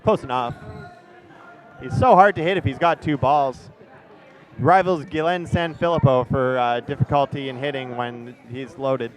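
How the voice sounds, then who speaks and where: A man doing live play-by-play commentary, excitable and jokey. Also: mid-range voice, moderate pace.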